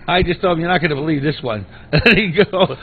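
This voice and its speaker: A man's voice: fairly high pitch, moderate pace, a little hiss or hum. A man telling stories in casual talk-radio banter, laughing often as he talks. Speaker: radio show regular. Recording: phone-like radio broadcast.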